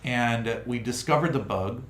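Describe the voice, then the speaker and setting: A man hosting a casual livestream chat, talking in an animated, rambling way full of restarts. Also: mid-range voice, measured pace. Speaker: crypto project host. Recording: roomy room with faint noise.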